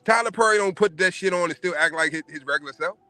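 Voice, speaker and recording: A man's voice: high-pitched, fast talker, bright, forceful tone, no echo, soft background music. A man hosting a casual podcast, giving emphatic, profane opinions. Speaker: podcast host.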